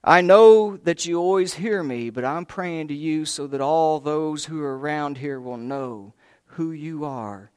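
A man voicing Jesus as a calm grown man who gives firm, reassuring commands. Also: a little high, a little slow, smooth, lightly acted. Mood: prayerful.

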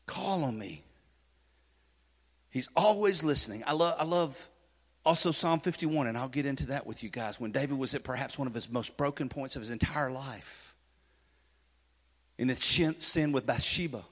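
A male pastor preaching a sermon in a church, swinging from loud urgency to hushed intensity, with folksy joking asides. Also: medium pitch, moderate pace, long pauses. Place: church sanctuary. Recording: long hall reverb.

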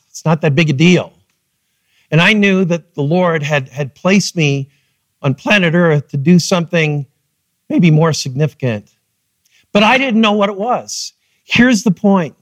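A middle-aged man preaching a sermon as pastor, telling his story with lively, acted-out quotes. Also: on the high side, no echo. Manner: animated storytelling, acting out quotes. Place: church.

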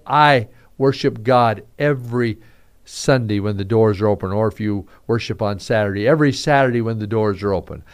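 A man preaching a radio devotional, reading scripture aloud and acting out the quotes with animated emphasis. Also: medium pitch. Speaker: radio pastor.

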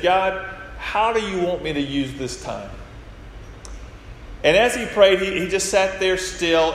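A pastor with a fairly high, slightly bright voice preaches a sermon, retelling stories and acting out the quoted lines. The recording is from an echoey hall with faint background noise.

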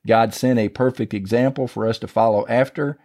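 A man's voice: mid-range voice, steady tone, brisk, darkish tone. A middle-aged man, giving an informal devotional talk in a folksy, conversational storytelling manner. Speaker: preacher.

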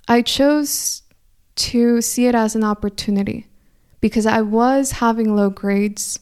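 Brief: young woman, slight Mexican Spanish accent, higher-pitched, smooth clear voice, earnest motivational storyteller. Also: a little slow, a little mellow. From California. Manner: earnest, thoughtful, frequent restarts. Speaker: speaker.

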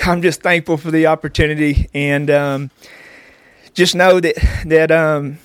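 A man giving an encouraging message, emotional and halting, with many pauses. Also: a little high, steady tone, smooth, no room sound.

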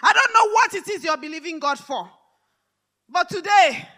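A woman preacher delivering a live church sermon, fervent and repetitive, rising to shouted declarations. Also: very high-pitched, lively intonation, moderate pace. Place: large church hall service.

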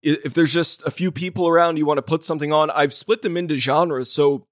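A man hosting a film podcast, chatting casually and rambling with quick restarts and laughs. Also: fairly high pitch, steady tone, no echo, studio quality. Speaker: podcast host.

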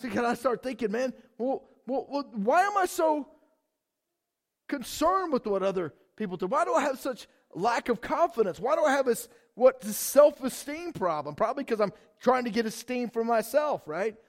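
A man preaching a sermon in a conversational, animated way, asking the congregation questions. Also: extremely high pitch, moderate pace. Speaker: pastor.

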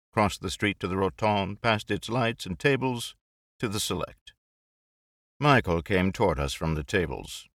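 Deep-voiced male audiobook narrator; measured, expressive, very dry close read. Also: no echo.

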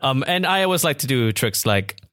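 A male podcast host muses out loud, curious and a little hesitant, circling his thoughts before landing on them. His voice sits mid-range and close to the mic, in a dry room with no echo. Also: medium pitch, very animated, fairly quick. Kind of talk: podcast conversation.

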